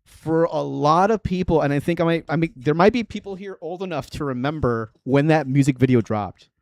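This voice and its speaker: A man in his thirties hosts a casual livestream, talking in a loose, rambling way full of fillers and quick laughs. His voice sits a bit higher than most men's. The sound is close and dry, with no room around it. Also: darkish tone, no room sound. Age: 30s. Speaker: livestream host and bass player.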